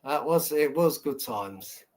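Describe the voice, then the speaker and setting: A man's voice: a little high, animated, slow, a little mellow. Male streamer, casual and sweary, rambling, laughs often. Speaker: livestream host. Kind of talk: casual live-stream chat.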